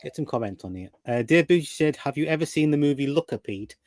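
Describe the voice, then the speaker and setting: A man's voice: fairly high pitch, lively intonation, fast, darkish tone, no echo. A man co-hosting a casual chat, enthusiastic and throwing in "man" a lot. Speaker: podcast co-host.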